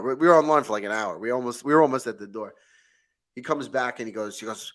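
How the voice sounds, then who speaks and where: A man, hosting a show and telling a story in lively, casual chat with many restarts. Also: medium pitch, fast. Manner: animated storyteller, mimics a friend with frequent restarts. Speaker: host, real estate agent.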